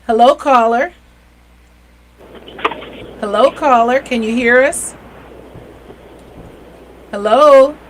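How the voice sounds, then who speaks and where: A woman hosting a community TV show, talking in a chatty, enthusiastic way with quick asides. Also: a little high, noisy background. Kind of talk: casual interview chat.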